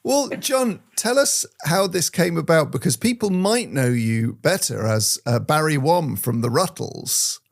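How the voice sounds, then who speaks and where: A man's voice: on the high side, expressive, a little slow, creaky, few pauses. A man hosting a radio show, chatting playfully and laughing often. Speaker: radio host. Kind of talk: casual radio chat.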